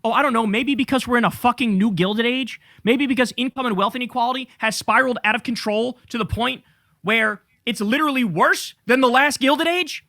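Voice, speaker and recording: A man delivers political commentary in a sarcastic, mocking tone and swears freely. His voice is high, bright and gravelly, and it sits dry and close to the mic. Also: a little fast, dry recording.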